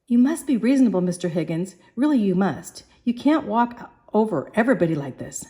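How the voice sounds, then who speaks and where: A woman's voice: mid-range voice, sing-song, brisk, mellow, lightly acted. A woman voicing a firm, proper middle-aged housekeeper who speaks in a scolding, insistent way. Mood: protesting.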